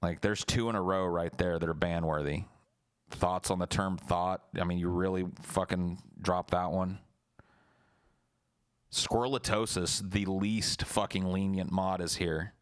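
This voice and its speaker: A man's voice: deep voice, steady tone, a little slow, smooth. A young man streaming, telling a story casually and talking back to his chat in a profane, blunt, laid-back way.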